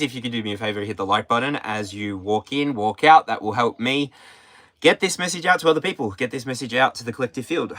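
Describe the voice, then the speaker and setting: A man's voice: medium pitch, fairly bright tone. An Australian man hosting a tarot livestream, chatting playfully and breaking into snatches of song. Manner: playful, sings snatches of songs between remarks. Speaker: tarot reader, livestream host. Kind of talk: casual livestream chat with singing.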